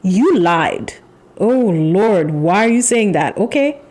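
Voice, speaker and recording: Woman, tarot reader, unhurried delivery, middle pitch, emphatic, repeats herself, sighs between phrases. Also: expressive, mellow. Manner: slow, emphatic and repetitive, with pauses and sighs. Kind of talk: channeled tarot reading.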